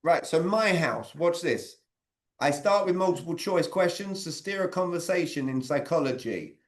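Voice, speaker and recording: A man leads a group coaching session on sales communication via video call, talking conversationally and stopping to ask individuals questions by name. His voice is fairly high, with lively intonation and normal speed.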